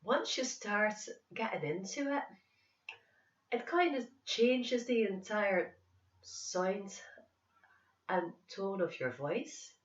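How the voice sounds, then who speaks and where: A woman's voice: medium pitch, lively intonation, slow pace, pauses often. A woman doing a thick, sing-songy attempted Northern Irish accent in a playful way. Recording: echoey room, distant mic, dull sound.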